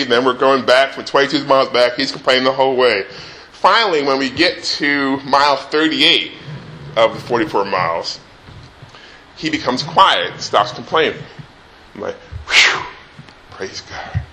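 A middle-aged father telling a personal anecdote in a relaxed, animated way, acting out the voices. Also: mid-range voice, a little hiss or hum. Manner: animated, acts out the voices in his story. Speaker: storyteller.

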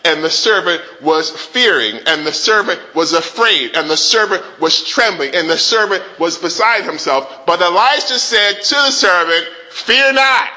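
A man preaching a sermon in an animated way, drawing call-and-response from the congregation. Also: fairly high pitch, moderate pace, few pauses, poor audio. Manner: dramatizes the king's rant in a rising voice.

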